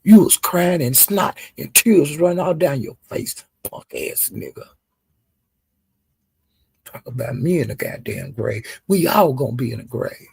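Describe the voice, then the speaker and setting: Gravelly-voiced woman on a heated rant. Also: a bass voice, animated, darkish tone, no room sound, studio quality. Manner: cursing, heated, drawn-out insults. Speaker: live-stream host. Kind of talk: angry profane rant to viewers.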